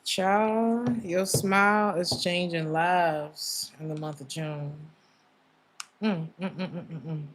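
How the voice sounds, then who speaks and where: Low-pitched woman, warm chatty tarot reading, emotional asides. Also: fairly even intonation, takes it slowly, a little hiss or hum. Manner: emotional, chatty, many fillers and laughs. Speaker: tarot reader.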